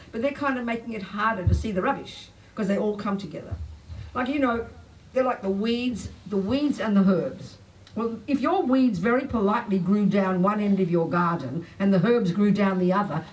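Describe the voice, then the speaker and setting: A woman's voice: mid-range voice, recorded from a distance, rough recording. Emphatic older woman giving a Dharma talk. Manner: blunt, animated, emphatic. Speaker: Buddhist teacher. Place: talk venue. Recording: faint noise, voice a bit off-mic.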